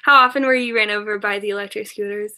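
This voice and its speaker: A young adult woman, a YouTuber, answers her live chat at a fast clip in a medium-pitched, steady voice over very noisy audio. She chats casually and rambles, packing in fillers and restarts and laughing often.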